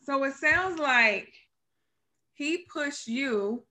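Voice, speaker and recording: A woman's voice: sits high, expressive, very slow, bright, forceful tone. A woman hosting a casual interview, asking questions and giving short encouraging replies.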